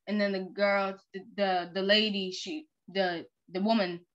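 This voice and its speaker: A woman's voice: medium pitch, flat delivery, unhurried, fairly bright tone. A young woman chatting casually over a story game, rambling with many fillers. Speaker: game playthrough host. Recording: lo-fi muffled recording.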